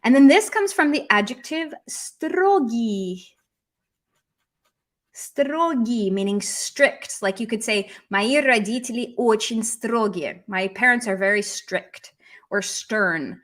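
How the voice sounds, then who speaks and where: An American woman who speaks English natively, teaching a live-streamed language lesson. Her voice sits a little high, and her delivery is loose and chatty, full of ums and likes as she thinks aloud. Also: animated, slow pace, fairly bright tone. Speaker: Russian teacher.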